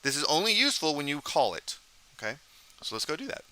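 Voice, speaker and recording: A man's voice: on the high side, sing-song, quick pace, bright, forceful tone, clean tone. A man teaching a college programming lecture, talking casually while coding live, thinking aloud and asking the class questions.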